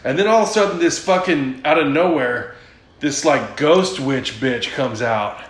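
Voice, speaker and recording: A man's voice: on the high side, normal speed. A man chatting casually, retelling a movie plot in a rambling, profane way and laughing often. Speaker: podcast host. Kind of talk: casual chat. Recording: echoey room.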